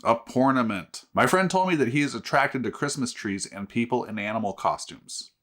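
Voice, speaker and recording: A man hosting a casual beer review vlog who tells jokes in a deadpan way and swears freely. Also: mid-range voice, normal speed. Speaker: host.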